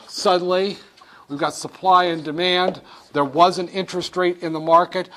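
Man, economics lecture, animated, blunt, jokey asides, somewhat high voice. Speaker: economics instructor. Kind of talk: lecture with acted-out role-play.

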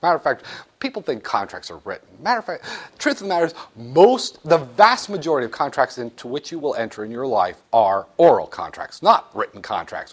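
A man teaching business law to a class, joking and acting out little scenes as he lectures. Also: medium pitch. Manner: animated, jokey, acts out little scenes.

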